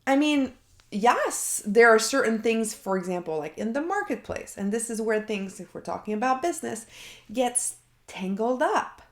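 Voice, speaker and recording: A life coach talks herself through an unscripted coaching session, reflecting and thinking out loud. Her voice is fairly high and very animated, delivered at normal speed with a roomy sound.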